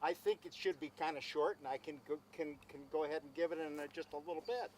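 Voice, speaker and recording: A man's voice: on the high side, fairly even intonation, quick pace, darkish tone, a little hiss or hum, low-quality recording. A man telling a long anecdote at an outdoor gathering, acting out both sides of a conversation and repeating himself as he goes. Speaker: speaker at a celebration. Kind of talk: storytelling speech.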